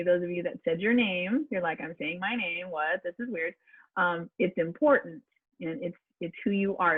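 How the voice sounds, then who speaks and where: A woman's voice: lowish voice, slightly rough, dry recording. A woman voice coach teaching a public speaking class online, chatty and encouraging, with fillers and restarts. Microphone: video call. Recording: tinny video-call audio, dry.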